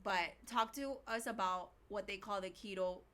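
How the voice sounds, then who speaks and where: A woman's voice: mid-range voice, moderate pace, pushed and bright. A woman with a Miami Spanish-English accent, co-hosting a casual podcast chat and telling stories expressively, acting out her own reactions. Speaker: co-host.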